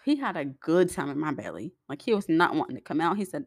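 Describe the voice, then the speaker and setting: A woman's voice: low voice, big pitch swings, fast talker, hardly any pauses, darkish tone, husky, dry recording, studio quality. A young woman telling a personal story to her viewers in a chatty, rambling way, acting out the voices of the people in it. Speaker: vlogger.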